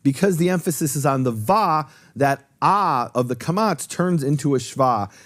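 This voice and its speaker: A man's voice: fairly high pitch, expressive, moderate pace, a bit bright. A man giving a detailed, emphatic explanation as a guest on a talk show, repeating key points. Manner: earnest, lecturing, emphatic repetition. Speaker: guest teacher on Hebrew.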